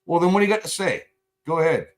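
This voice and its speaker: A man's voice: on the high side, very animated, fast talker. Male livestream host, combative and profane, sarcastic edge. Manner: angry, profane, confrontational. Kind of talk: live stream chat rant.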